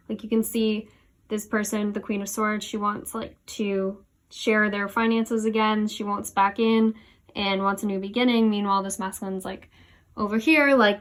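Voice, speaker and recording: A woman's voice: mid-range voice, flat delivery, moderate pace, fairly bright tone. A young woman doing a casual tarot reading at home, talking with many fillers and a little out of breath as she leans over her cards. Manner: chatty, many "like" and "um" fillers, laughs at herself. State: a bit out of breath. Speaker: tarot reader. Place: home room, kneeling over cards on the floor.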